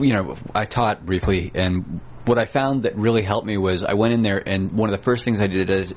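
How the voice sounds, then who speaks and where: A man co-hosting a casual roundtable chat about role-playing games, talking in a chatty, enthusiastic way. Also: fairly low pitch. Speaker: podcast co-host.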